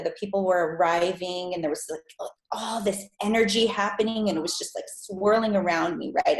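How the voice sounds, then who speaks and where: A woman telling a personal story as a podcast guest, with lively, high-pitched acted-out quotes. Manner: animated, acts out quotes in high voice. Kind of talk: casual storytelling interview. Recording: echoey room.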